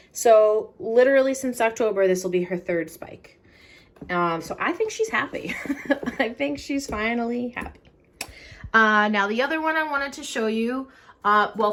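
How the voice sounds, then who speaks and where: A woman's voice: mid-range voice, fairly bright tone, a little hiss or hum. A woman whose voice is wearing thin chats her way through a casual tour of her home grow room. She rambles, circles back and fills the gaps with ums. She talks to a handheld camera she keeps moving around. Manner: chatty and rambling, with many fillers and self-corrections. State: losing her voice, clearing her throat. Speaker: orchid grower and vlogger. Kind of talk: casual show-and-tell vlog. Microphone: handheld camera moved around the room.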